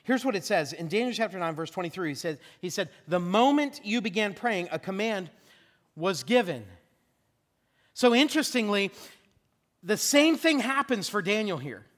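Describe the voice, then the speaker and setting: A male pastor preaching a sermon, telling the story in a lively way with joking asides, in a church. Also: high-pitched, normal speed, big-room sound. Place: church sanctuary.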